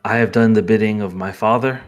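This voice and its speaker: A man voicing a weary man who has always done others' bidding, speaking slowly and with subdued sighs. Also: lowish voice, steady tone, soft background music, voice pushed down, close to an everyday voice.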